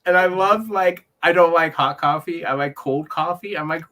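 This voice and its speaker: A man co-hosting a casual pop culture chat, animated and laughing often. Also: fairly high pitch, moderate pace.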